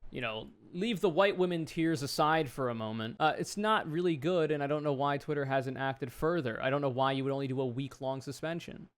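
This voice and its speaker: A man's voice: a little high, brisk, hardly any pauses, clean tone. Sarcastic, swearing male commentator. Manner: sarcastic, profane, exasperated. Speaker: video commentator. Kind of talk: political commentary video.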